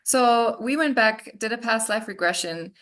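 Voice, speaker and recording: A woman's voice: on the high side, moderate pace, fairly bright tone. A woman guest who works as a hypnotherapist and healer, talking confidently and emphatically in a casual podcast chat. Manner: confident, emphatic, laughs easily.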